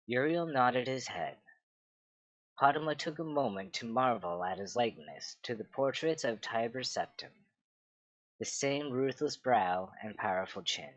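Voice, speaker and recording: A man reading a fantasy story aloud in a steady, measured way. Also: medium pitch, no room sound, dull audio. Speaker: reader of game lore books.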